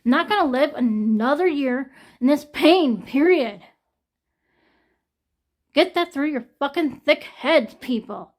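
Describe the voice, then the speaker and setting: A woman's voice: high voice, expressive, takes it slowly, long pauses, a little mellow. Distressed young woman venting about pain. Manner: distressed, venting, swearing often. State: shaking from pain, near tears. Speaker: vlogger. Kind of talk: emotional personal vlog.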